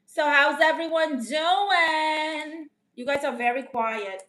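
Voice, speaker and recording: A woman's voice: sits high, takes it slowly, bright, forceful tone, full character voice. A woman playing a brash, teasing aunt who calls herself a therapist, chatting with her audience and calling them honey. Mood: sassy. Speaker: live-stream comedian answering chat. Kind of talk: improvised live-stream character comedy.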